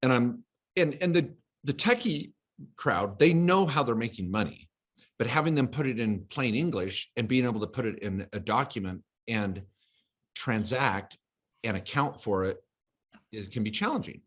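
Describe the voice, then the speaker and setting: A man's voice: mid-range voice, animated, moderate pace. A man co-hosting a podcast in casual chat, telling stories and acting out quoted voices with energy. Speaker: podcast co-host.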